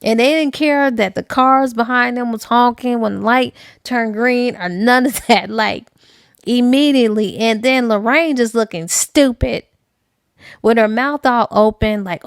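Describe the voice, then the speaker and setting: A woman retells a novel in a casual, animated way, full of slang. Her voice is fairly high, and the recording is dry and close. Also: a little slow, clear, resonant tone, no echo. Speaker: book reviewer. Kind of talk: casual book review recap.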